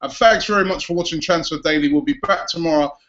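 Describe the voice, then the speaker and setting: A man's voice: on the high side, fast talker, a bit bright, lo-fi sound. A man hosting a fan show, chatting casually and joking as he signs off outdoors. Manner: chatty, jokey sign-off. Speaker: host. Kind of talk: casual chat. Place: outdoors in New York City.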